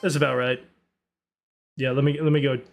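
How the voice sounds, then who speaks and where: A man's voice: medium pitch, little pitch movement, moderate pace, vocal fry, soft background music. A man casually streaming a reaction, joking and laughing, and given to trying out silly voices.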